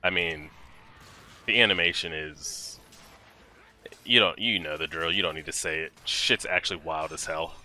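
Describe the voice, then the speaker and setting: A man hosting an anime reaction video, talking casually and excitably, swearing and talking back at the screen. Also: deep voice, normal speed, pauses often.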